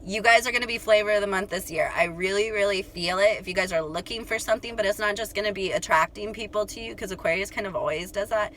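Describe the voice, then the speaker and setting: A young woman telling a story to her viewers in a chatty, animated way, full of "like" and "you guys". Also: medium pitch, fast talker, few pauses, a little hiss or hum. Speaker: astrology channel host.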